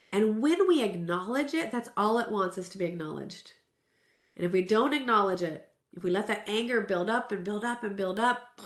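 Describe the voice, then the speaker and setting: In a roomy, echoing space, a fairly high-pitched, fairly bright woman from Southern California, in her forties, delivers a self-care talk. She tells a personal story in a candid, earnest, conversational way, restarting as she goes.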